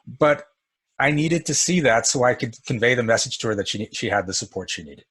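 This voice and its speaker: Husky man teaching energy work. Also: mid-range voice, animated, moderate pace, long pauses, fairly bright tone. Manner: casual, storytelling, chuckles often. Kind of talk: teaching session with a participant.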